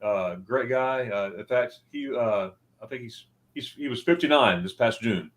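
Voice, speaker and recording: This travel livestream host talks at a normal speed in a medium-pitched, fairly bright voice. Chatting loosely over a video call, he rambles from one anecdote to the next and acts out the quoted voices as he goes.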